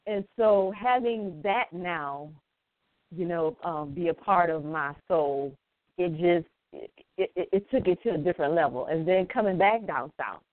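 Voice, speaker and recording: A woman's voice: fairly low pitch, dry recording. Reflective woman guest on a tinny line. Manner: reflective, unhurried, many "you know"s. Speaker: guest singer. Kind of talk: casual interview chat.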